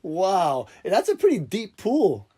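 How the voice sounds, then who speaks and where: A man's voice: sits high, wildly swooping pitch, unhurried, mellow, slightly rough. A man hosting a casual podcast, rambling and joking with frequent laughs. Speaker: podcast host.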